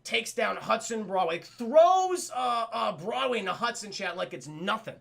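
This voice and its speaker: Guy streamer recapping a cartoon to chat, swears constantly, high bright voice with gravel in it. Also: unhurried. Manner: excitable, swears a lot, addresses chat. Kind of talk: casual, profane episode recap.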